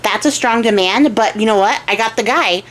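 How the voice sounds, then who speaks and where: A woman's voice: on the high side, normal speed, fairly bright tone, a little hiss or hum, close to an everyday voice. Old bossy king going on and on in slangy chatter , lady doing the voice. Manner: gushing, rambling, casual modern slang. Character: old demanding boastful king, man.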